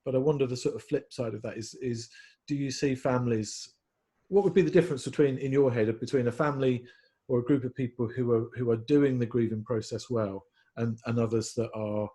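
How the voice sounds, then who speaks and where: A man with a mellow, slightly husky voice, hosting a casual discussion as a pastor. He hesitates and restarts often while searching for the right words. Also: medium pitch, steady tone, a little fast. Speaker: pastor and host.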